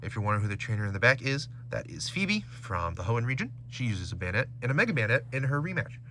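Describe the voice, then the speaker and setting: A man's voice: medium pitch, quick pace, slight background noise. A man casually chatting while opening trading card packs at home, reading out card names and stats. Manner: animated, reads card names and stats aloud.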